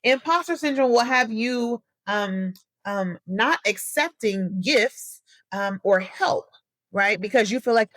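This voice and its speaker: A young woman from the Midwest speaks slowly in a higher voice, with no room sound, as she hosts a solo podcast. Her delivery is chatty and animated, full of personal stories directed at "y'all."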